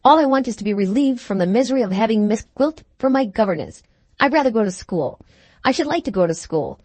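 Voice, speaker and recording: A shy young daughter speaks gently, her words faltering as tears rise. A woman reads her in an audiobook, the sound dry and close. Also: fairly high pitch, lively intonation, brisk, no echo. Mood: tearful. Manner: faltering, soft-spoken. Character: tearful gentle teenage girl, timid daughter.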